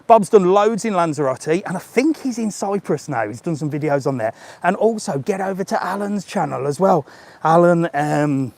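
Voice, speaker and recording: A middle-aged travel vlogger live-streams while walking outdoors through resort grounds, filming on a handheld gimbal camera. His voice sits high and is a little mellow and creaky, with lively intonation at a moderate pace. He jokes and chats, chuckling often.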